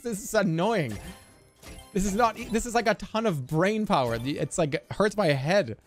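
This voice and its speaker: A man with a fairly high voice that swings up and down, talking through a game stream with faint music underneath. He gets excitable, swears freely and jokes at his own expense as he plays. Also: moderate pace. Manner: excitable, swearing, self-mocking. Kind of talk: live gameplay commentary.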